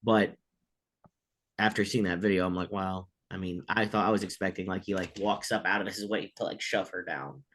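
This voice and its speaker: A man co-hosting a casual sports talk show reads news items in a low, steady, fairly bright voice at a moderate pace. He rambles and leans heavily on fillers, especially "like."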